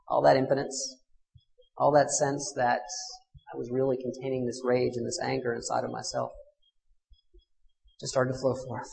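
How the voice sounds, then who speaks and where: A man in his thirties, a minister, telling a personal story in a sermon, swinging from fierce loud passages to hushed ones. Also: mid-range voice, vocal fry. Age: 30s. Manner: intimate confessional storytelling with dramatic swells and hushed drops. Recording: long hall reverb.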